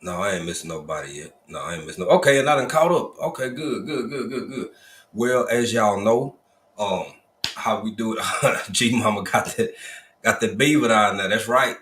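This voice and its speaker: Expressive and a bit bright, a man's lowish voice moves at a moderate pace as he hosts a casual livestream. He greets each viewer in turn, folksy and easygoing, using a drawling Southern Black vernacular and repeating his hellos. The audio is reverberant.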